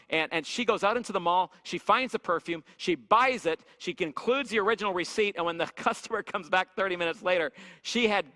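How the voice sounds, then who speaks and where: A man with a high, sharp, bright voice gives a lively church teaching session. He keeps checking in with the room and asks "right?" again and again. His voice rings with a long echo through the hall. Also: brisk. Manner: energetic, repeats "right?" to check in with listeners.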